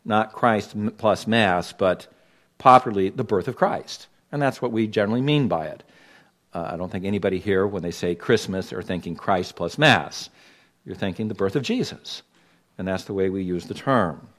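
A man's voice: fairly low pitch, normal speed. A man from Los Angeles preaching a sermon to his congregation, pointed and emphatic, leaning hard on key words. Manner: emphatic, pointed preaching with sudden loud stresses. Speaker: pastor.

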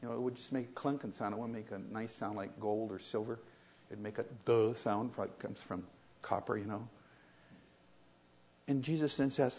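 An older man preaching a sermon, telling stories that swing from loud, excited retellings to quiet reflection. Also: a little fast, breathy edge. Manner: storytelling, rises loud and high in excitement, drops to soft and low when reflective.

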